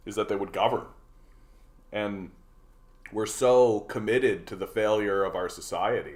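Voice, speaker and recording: A Canadian man hosting a political livestream, ranting sarcastically and repeating words as he goes. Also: lowish voice. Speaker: livestream host.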